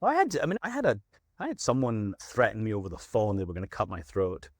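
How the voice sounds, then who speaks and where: A man's voice: lowish voice, huge pitch swings, fast, no echo, clean studio sound. A middle-aged veterinary practice manager, a man, telling stories in a casual interview and acting out his own stern warnings to clients.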